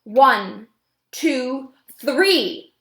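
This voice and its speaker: A woman voicing a calm, commanding elder female elephant who speaks firmly and motherly in an audiobook. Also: high-pitched, drawn-out words, echoey room, voice pushed up, full character voice. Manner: firm, motherly, giving orders.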